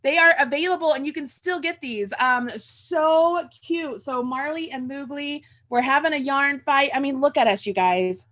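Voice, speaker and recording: A woman's voice: high-pitched, normal speed, few pauses, fairly bright tone. A woman hosting a casual livestream chat, gushing and repeating herself. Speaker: host.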